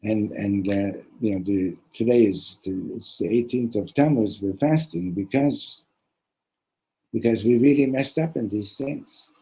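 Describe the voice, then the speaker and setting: Mellow, husky-voiced rabbi teaching. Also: male voice, fairly low pitch, poor audio. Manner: halting, repeats words, conversational asides. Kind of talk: casual sermon with a joke.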